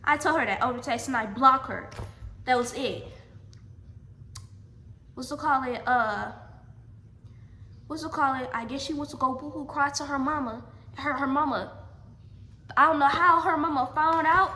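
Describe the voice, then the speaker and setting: A woman with a high, bright voice tells a storytime vlog straight to her viewers. She hammers her points with repetition and keeps calling them y'all. The room around her is echoey. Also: expressive, normal speed, pauses often, slight background noise. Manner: emphatic, repeats lines, addresses viewers as y'all. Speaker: vlogger.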